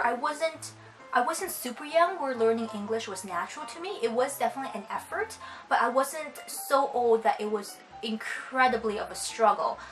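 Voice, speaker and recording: Bright, chatty young Canadian woman. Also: fairly high pitch, poor audio. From China. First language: Cantonese. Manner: chatty, reads a word list one word at a time. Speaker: vlogger. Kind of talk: casual chat.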